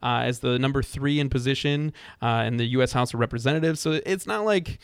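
Chatty talk radio co-host. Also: male voice, mid-range voice, fairly quick, clear, resonant tone, no echo, clean studio sound. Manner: rambling, frequent restarts and fillers. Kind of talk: casual political call-in talk.

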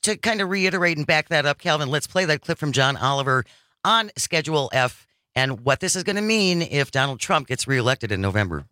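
A man hosting a live-streamed political talk show, energetic and steering the conversation. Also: a little high, fairly quick, no echo. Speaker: host.

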